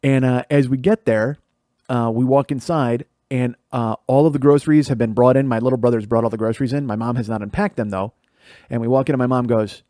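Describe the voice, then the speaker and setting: A man's voice: mid-range voice, steady tone, a little fast, warm tone, no room sound, studio quality. A middle-aged man from the Chicago area, hosting a podcast and telling profane stories about his childhood, laughing as he goes. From Chicago area, USA. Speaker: podcast host. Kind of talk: storytelling monologue.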